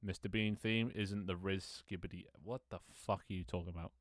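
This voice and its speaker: A man's voice: deep voice, steady tone, fairly quick, no room sound, clean studio sound. A man with an English accent, chatting casually as a streamer, rambling and jokey and swearing freely. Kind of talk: casual live-stream chat.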